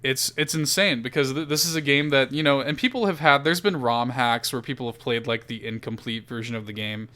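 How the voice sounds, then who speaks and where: A man hosting a casual podcast chat, animated and profane, laughing often. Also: medium pitch, fairly quick, hardly any pauses. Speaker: podcast host.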